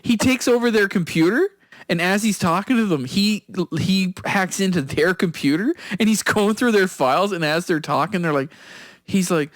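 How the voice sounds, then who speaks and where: A man's voice: sits high, moderate pace, a bit bright, no echo, clean studio sound. A man co-hosting a podcast in casual chat, telling a rambling story and laughing often mid-sentence. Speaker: podcast co-host.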